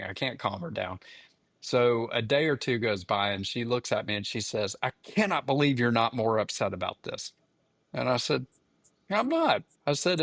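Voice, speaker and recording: A man's voice: medium pitch, no echo. A man in his fifties, a podcast co-host, telling a family story in casual chat and acting out the quoted lines. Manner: animated storyteller, acts out quotes.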